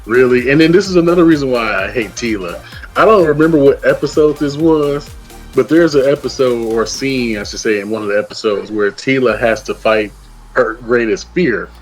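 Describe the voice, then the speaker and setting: A man's voice: mid-range voice, brisk, faint music behind. A man co-reviewing a show in casual chat, ranting with lots of profanity and acting out characters' lines as he retells the plot. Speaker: co-reviewer guest.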